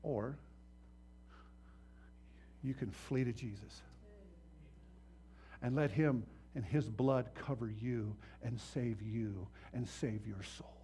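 A man preaching a sermon as pastor, impassioned and swinging from hushed to loud, acting out voices in his stories. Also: mid-range voice, slow, pauses often, a little hiss or hum.

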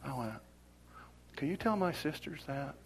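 A middle-aged man preaching a sermon, telling a personal story and swinging from whispers to loud exclaims. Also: on the high side, animated, unhurried, background noise.

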